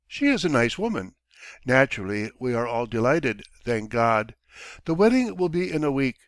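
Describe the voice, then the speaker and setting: A man's voice: a little high, no room sound, studio quality, voice pushed up. A man doing a blunt, bossy older townsman. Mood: cheerful, boastful. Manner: brisk, dismissive, bossy. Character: older male townsman, blunt and self-satisfied. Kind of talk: audiobook character voice.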